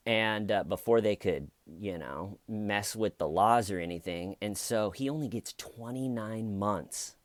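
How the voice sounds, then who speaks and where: A man's voice: on the low side, measured pace, few pauses, no echo. A man casually telling a true crime story with jokey, sarcastic asides.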